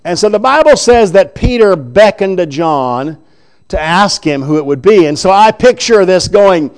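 A man preaching a sermon, retelling scripture in an animated, chuckling storytelling way. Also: sits high, moderate pace.

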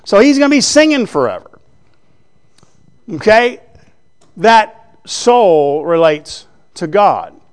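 Slow, high-voiced male Bible teacher. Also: big pitch swings, clear, resonant tone. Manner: conversational, checks in with rhetorical questions; writes on a board while teaching. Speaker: preacher.

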